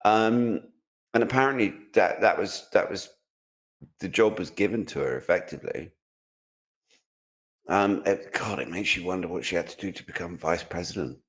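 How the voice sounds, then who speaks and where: A man's voice: deep voice, animated, moderate pace, pauses often. A man from Britain co-hosting a casual chat, mocking and opinionated, rambling with restarts. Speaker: co-host, tech commentator.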